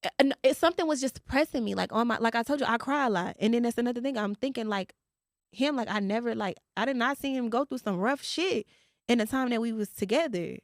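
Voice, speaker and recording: A woman's voice: fairly high pitch, fast, no echo, studio quality. A young woman hosting a podcast, talking candidly and profanely in casual chat, with a lot of emotional storytelling. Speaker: podcast host.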